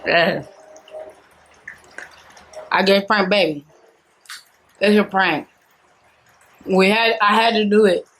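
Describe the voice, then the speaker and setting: A young woman vlogger speaking softly and apologetically to her partner and her viewers. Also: mid-range voice, takes it slowly, pauses often, a little hiss or hum, low-quality recording. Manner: soft, apologetic, talks to viewers. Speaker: vlogger, prankster. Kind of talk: casual vlog. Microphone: phone camera.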